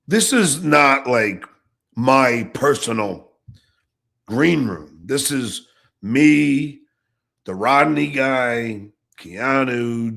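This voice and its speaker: A middle-aged man hosting his own podcast, ranting angrily and profanely, jumping between shouts and low mutters. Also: vocal fry. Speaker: podcast host. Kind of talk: angry ranting monologue.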